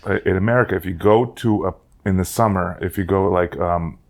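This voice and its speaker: A man co-hosting a casual podcast chat, quick and joking, firing off teasing questions. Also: low voice. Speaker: podcast co-host.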